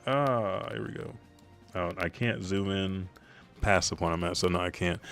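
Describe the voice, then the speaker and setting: A man with a low voice recapping a comic chapter in a loose, joking way, swearing freely as he reacts. Faint music runs underneath. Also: normal speed, creaky, fairly bright tone, dry recording. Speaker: channel host.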